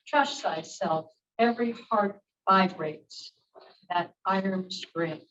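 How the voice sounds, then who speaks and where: A woman reads a text aloud to a group, careful and deliberate, sometimes tripping over a word. She sits away from the microphone, so the sound is distant and muffled, with a faint hiss behind her. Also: mid-range voice, a bit bright. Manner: careful reading with occasional stumbles. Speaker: group member reading aloud. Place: church meeting room. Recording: distant, dull room recording with faint noise.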